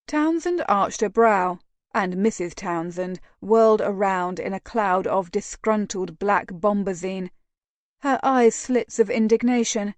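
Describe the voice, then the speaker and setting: Woman audiobook narrator, measured and slow, dry sound. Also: medium pitch, no echo. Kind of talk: scripted narration.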